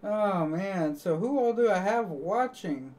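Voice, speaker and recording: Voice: medium pitch, lively intonation, slow pace, darkish tone, distant mic. A live streamer chatting casually to viewers, rambling and joking, laughing at their own jokes.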